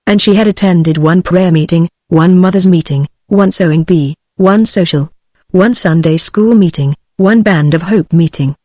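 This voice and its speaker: A woman's voice: lowish voice, no room sound. Dry synthetic British woman narrator. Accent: British English. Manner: even, steady machine reading. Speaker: audiobook narrator. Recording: dry, close text-to-speech audio.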